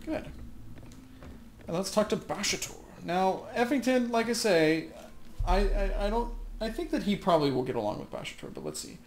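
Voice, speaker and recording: A man's voice: high voice, sing-song, normal speed, a little hiss or hum. Joking man commentating gameplay. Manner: joking, rambling, with fillers. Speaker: let's play host.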